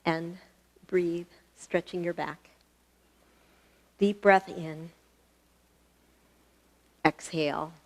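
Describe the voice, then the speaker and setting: A woman's voice: on the low side, steady tone, very slow, long pauses. A woman teaching a live online yoga class, chatty and encouraging, laughing often and a little out of breath. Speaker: yoga instructor. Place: fitness studio.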